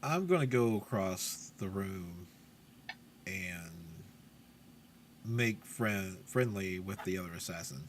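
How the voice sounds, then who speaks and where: A man's voice: low-pitched, animated, takes it slowly, pauses often, background noise. A man playing a tabletop game, casually declaring his actions and rolling dice. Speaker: player.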